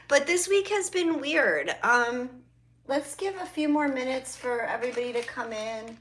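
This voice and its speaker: A woman's voice: fairly high pitch, animated, takes it slowly, a bit bright, slight background noise. A woman hosting a casual spiritual livestream from her phone, greeting viewers by name and swearing freely. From South Florida. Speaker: livestream host and spiritual reader.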